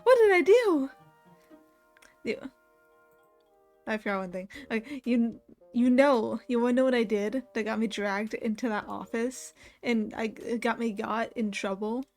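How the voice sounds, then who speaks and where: Young female streamer, casual laughing storyteller, a bit high-pitched, soft music underneath. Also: moderate pace. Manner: laughs often while telling a story, animated quoting of others. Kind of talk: casual chat.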